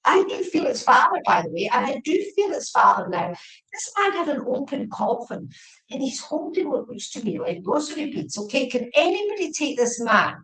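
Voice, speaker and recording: A woman's voice: sits high, sing-song, moderate pace, fairly bright tone. A woman giving a live-streamed psychic reading, chatty and repetitive, speaking to viewers by name. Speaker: psychic medium. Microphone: webcam or phone. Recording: echoey room.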